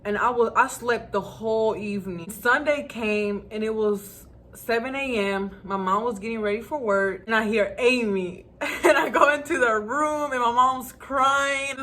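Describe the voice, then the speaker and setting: A woman's voice: a little high, normal speed, bright, forceful tone. A young adult woman telling a personal story to her viewers in a casual, chatty way, laughing often. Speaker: vlogger.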